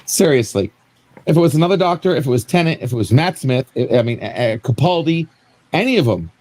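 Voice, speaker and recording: A man, a panelist on a live-stream show, giving a rambling, animated rant full of restarts and repeated words. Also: medium pitch, a little fast.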